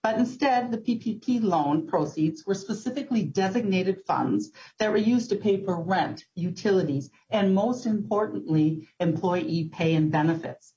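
A woman giving formal testimony to a committee as a business owner, speaking in an earnest, measured way with occasional ums. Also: medium pitch, dark tone. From Minnesota. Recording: muffled lo-fi hearing audio.

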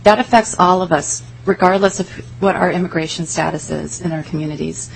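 A woman representing an advocacy group, giving earnest, measured testimony to a legislative committee. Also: lowish voice, steady tone, vocal fry, slight background noise, low-quality recording.

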